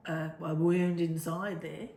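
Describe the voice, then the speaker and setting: A woman's voice: deep voice, level tone, takes it slowly, warm tone. A woman in casual chat as a co-host, rambling and laughing easily. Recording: echoey room with faint noise.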